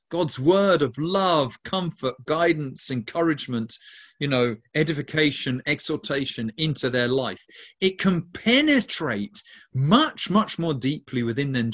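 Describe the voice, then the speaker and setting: A man, a Catholic healing minister, answering interview questions earnestly and emphatically, slowing down to stress key words and stringing together lists of words. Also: fairly high pitch, a bit bright.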